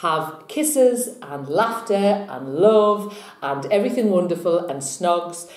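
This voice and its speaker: Woman tarot vlogger, rambling and self-mocking, lowish voice with lively swings. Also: slow pace, reverberant. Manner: chatty, rambling, laughing at herself. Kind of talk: casual vlog chat.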